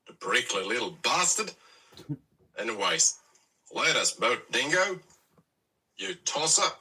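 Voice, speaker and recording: Bloke doing a crude aussie guy, husky, bright, pitch jumping around. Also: sing-song, takes it slowly, recorded from a distance, full character voice, low-quality recording. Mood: cheeky. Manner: matey slang and cheerful insults. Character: crude blokey Australian man.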